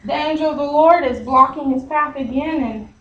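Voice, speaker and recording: A woman's voice: sits high, moderate pace, fairly bright tone, highs cut off. A woman teaching a Bible story to a group in a chatty, casual way, full of fillers and "he's like".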